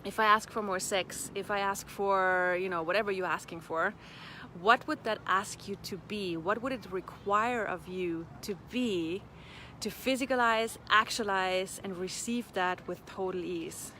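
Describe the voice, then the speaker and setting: Bright, playful woman talking outdoors. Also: mid-range voice, unhurried, slight background noise. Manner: playful, chatty, laughs often, repeats clearing phrases. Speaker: facilitator of a personal-development class. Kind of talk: casual motivational talk to camera.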